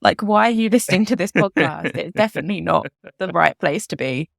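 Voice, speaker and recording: A woman's voice: on the low side, brisk, creaky, no room sound, clean studio sound. A young woman co-hosting a casual podcast, joking and swearing. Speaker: podcast co-host.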